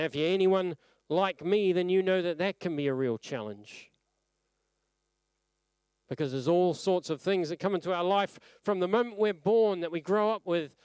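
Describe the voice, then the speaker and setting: Earnest preacher. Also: male voice, smooth, no room sound. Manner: earnest and reflective, dropping his pitch softly at phrase ends. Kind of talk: sermon. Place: church service.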